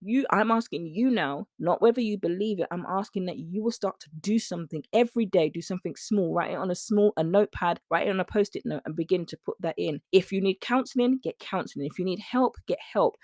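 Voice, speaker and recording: A woman's voice: lowish voice, fairly quick, few pauses, a little mellow, no room sound, clean studio sound. A woman hosting a nutrition coaching podcast, talking emphatically and preachily in slangy, faith-inflected talk aimed straight at the listener. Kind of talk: motivational podcast monologue.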